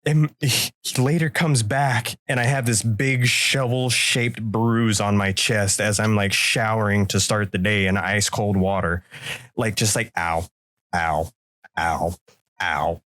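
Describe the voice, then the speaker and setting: Unhurried and low-voiced, a man co-hosts a podcast, casually relating a story and giving animated performances of its voices. The sound is dry and cleanly studio recorded.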